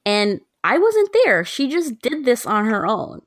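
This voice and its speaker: A woman in her twenties, a podcast co-host, telling stories in casual chat, animated and laughing often. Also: fairly high pitch, measured pace, dry recording, clean studio sound.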